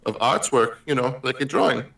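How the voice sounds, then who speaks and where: A man's voice: mid-range voice, expressive, brisk, creaky, fairly bright tone. A man acting as game master, easygoing and conversational, on an online call. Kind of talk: running a tabletop game.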